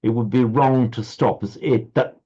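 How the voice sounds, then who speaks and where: A man teaching a recitation class over a video call, explaining patiently with frequent halting restarts. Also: medium pitch, steady tone, dark tone, muffled recording. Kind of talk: online class instruction.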